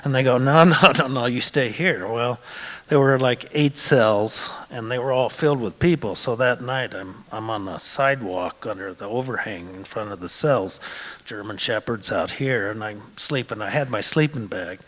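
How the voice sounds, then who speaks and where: A man in his sixties from Montana telling a true story on stage, conversational, often pausing on "uh" and repeating words. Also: fairly low pitch. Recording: long hall reverb.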